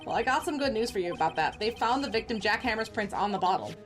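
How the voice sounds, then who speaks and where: A woman's voice: on the high side, expressive, fast, faint music behind, natural voice. A woman voicing a bumbling, good-natured male police detective from a video game, who calls everyone pal as she reads the part aloud. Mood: earnest.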